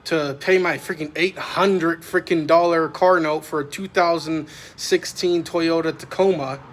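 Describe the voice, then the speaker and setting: A man's voice: fairly high pitch, fairly even intonation, a little slow. A man talking casually in a vlog, rambling and meandering with constant filler words. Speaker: vlogger. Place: parked vehicle at night, microwave nearby.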